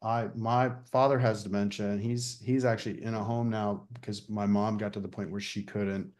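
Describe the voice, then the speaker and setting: A man hosting an interview, asking questions in a soft-spoken, halting way. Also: fairly low pitch, little pitch movement. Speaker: interview host. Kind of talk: conversational interview.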